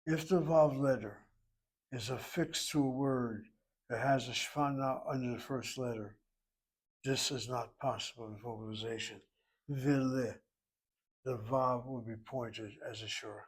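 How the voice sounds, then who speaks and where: A man's voice: mid-range voice, fairly even intonation, measured pace, breathy edge. A man teaching a Hebrew lesson, reading a dialogue aloud and explaining grammar step by step. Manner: methodical, reads dialogue then explains grammar. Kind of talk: self-paced language lesson.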